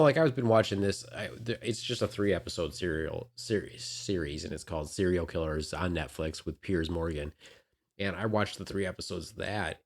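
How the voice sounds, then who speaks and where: A man with a very low voice rants bluntly on a casual podcast. He is opinionated and swears freely, and his talk rises and falls in bursts. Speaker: podcast co-host.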